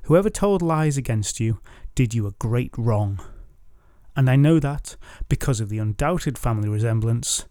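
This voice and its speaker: A man speaking as an earnest lord of legend in formal, solemn words, with a mellow voice. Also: medium pitch, expressive, normal speed, no room sound, clean studio sound, close to an everyday voice.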